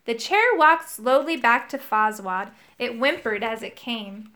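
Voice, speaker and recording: A woman reading a children's storybook aloud in an expressive, animated way. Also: fairly high pitch, a little slow. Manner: animated, voices characters. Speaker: storybook reader. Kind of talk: expressive read-aloud narration.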